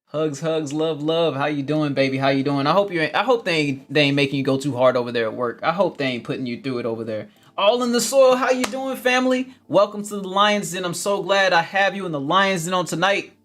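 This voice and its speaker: A man hosting a casual gardening livestream, reading viewer comments with energetic, upbeat chatter, often laughing and calling his viewers family. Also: on the high side, fairly quick, hardly any pauses.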